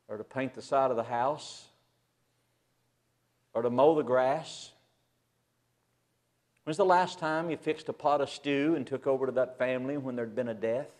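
A man preaching a sermon to a church assembly, swinging from loud emphasis to a hushed near-whisper. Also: medium pitch.

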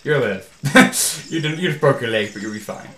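A man's voice: medium pitch, lively intonation, moderate pace, a bit bright. Man giving echoey gameplay commentary. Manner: rambling and easily exasperated, says "freaking" often. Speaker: let's play host. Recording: echoey room with faint game music.

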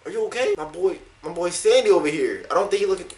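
A man doing a let's play commentary, excitable and swearing a lot, yelping and shouting in surprise. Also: high voice, quick pace, distant mic, noisy background. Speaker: gamer.

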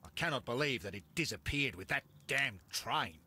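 Self-important Victorian gentleman inventor, husky, lively pitch, game dialogue. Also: moderate pace, exaggerated voice. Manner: pompous, easily outraged. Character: indignant male Victorian businessman-inventor. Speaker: game character.

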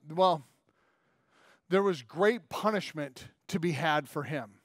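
A man's voice: sits high, dry recording, studio quality. A man in his forties preaching a sermon as pastor, telling stories and acting out quoted lines in little character voices.

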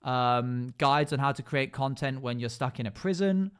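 A man's voice: medium pitch, normal speed, fairly bright tone, clear, resonant tone. A male streamer chatting casually while playing a game, rattling off long lists with lots of "uh" and "um" fillers. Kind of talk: casual live-stream chat while gaming.

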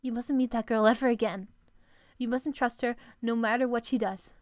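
A woman voicing a stern, secretive guardian who commands in a low, clipped voice and sometimes whispers. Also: fairly even intonation, moderate pace, no room sound, studio quality, close to an everyday voice. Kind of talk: voicing game dialogue.

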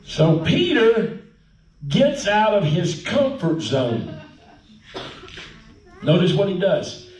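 A man preaching a sermon as pastor, folksy and animated, with frequent hallelujahs, heard in a church sanctuary. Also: sits high, slow, long pauses, slight background noise. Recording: echoey church sanctuary, distant mic.

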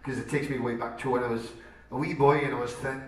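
A man's voice: medium pitch, fairly even intonation, fast. A middle-aged man from Liverpool with a put-on Scottish-style accent, bantering with the audience from a club stage as the band's singer, joking and heartfelt. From Liverpool, England. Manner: joking, self-mocking, heartfelt. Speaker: rock singer. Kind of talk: chatty stage banter between songs. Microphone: stage vocal mic through the PA. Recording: echoey club hall from far off.

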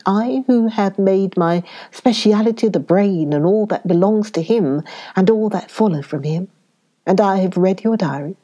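A woman reading the part of an elderly foreign male professor in an audiobook, speaking earnestly with halting, oddly worded phrasing. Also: medium pitch, mellow, highs cut off, lightly acted.

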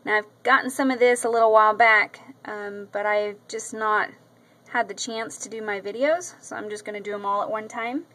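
Her voice is mid-range, steady and sharp in tone, at a normal speed, captured with poor audio on a camera mic. The woman, an adult with a daughter, does a casual show-and-tell vlog about craft mail she received, often gushing and peppering her talk with ums and repeats.

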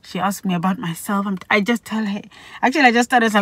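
A middle-aged woman from Botswana telling a personal story in a vlog, animated and acting out the people she quotes. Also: mid-range voice, fast, husky, no room sound. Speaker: vlogger.

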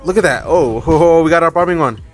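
A young man streaming a shooter game, commentating casually, cursing often and reacting loudly to kills and deaths. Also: fairly high pitch, fast. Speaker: gaming streamer. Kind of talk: live gameplay commentary. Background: game music and gunfire.

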